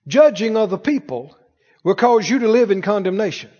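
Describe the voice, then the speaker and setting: A high-pitched male preacher delivers a forceful sermon, throwing rhetorical questions at the congregation and leading them in call-and-response. His voice rings out with a long reverb tail in a large hall. The recording itself sounds dull and muffled, with the highs rolled off. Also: animated, normal speed. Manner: emphatic, asks rhetorical questions and calls the congregation to repeat after him. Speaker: pastor.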